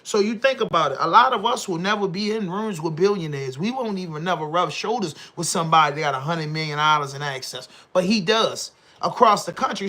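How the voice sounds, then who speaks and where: A man with a Baltimore accent holds forth on his podcast in an animated, slangy rant. His voice sits high and sounds sharp and bright, and he keeps firing off rhetorical questions. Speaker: podcast host. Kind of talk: casual commentary monologue.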